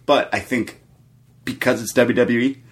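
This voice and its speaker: A man in easy, chatty conversation as a podcast co-host, quick to agree and jump back in. His voice sits at a middling pitch for a man. He keeps the back-and-forth loose and relaxed. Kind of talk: casual wrestling chat.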